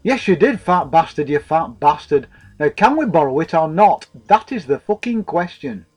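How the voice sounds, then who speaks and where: Guy putting on a sweary blunt lad, fed up, a bit higher than normal. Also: very animated, normal speed, darkish tone. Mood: exasperated.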